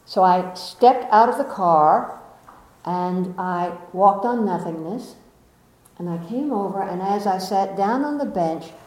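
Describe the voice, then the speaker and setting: Gentle woman speaking in an echoey room. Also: medium pitch. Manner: gentle, coaxing, with rhetorical questions. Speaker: spiritual teacher. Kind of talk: inspirational talk to a gathering.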